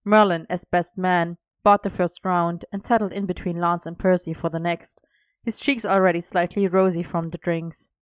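A woman reading a story aloud in a steady, even way. Her voice is lowish, smooth and clear, recorded close and dry with a slightly dull, lo-fi sound. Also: normal speed, dry recording. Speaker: narrator.

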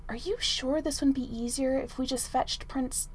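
A woman's voice: sits high, steady tone, moderate pace, slight background noise, lightly acted. A woman reading aloud, voicing a nervous, polite young male knight who speaks hesitantly. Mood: whispering.

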